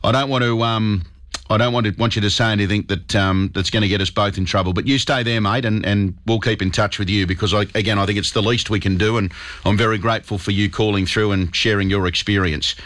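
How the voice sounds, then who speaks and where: A man's voice: on the low side, fairly even intonation, fast, a bit bright, no echo. A man with an Australian accent hosting talkback radio, earnest and stumbling over repeated words. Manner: earnest, repeats words, calls people mate.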